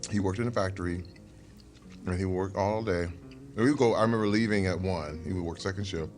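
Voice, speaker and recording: A man's voice: low-pitched, a little fast, faint music behind. A middle-aged man, a guest in a casual interview, telling stories and acting out the people in them. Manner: animated storyteller who acts out quoted people.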